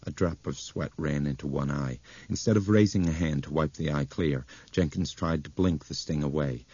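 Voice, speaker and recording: A man narrating a novel in a very deep, dark, husky voice. He reads at a steady, measured pace. The recording is dry and close, with a dull, muffled top end. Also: no echo. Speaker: audiobook narrator. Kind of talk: scripted narration.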